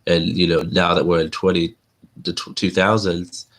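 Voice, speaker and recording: Deep, gravelly young man ranting. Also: level tone, normal speed, a bit bright. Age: 20s. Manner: rambling, blunt, informal slang. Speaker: live-stream host. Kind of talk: casual monologue to viewers.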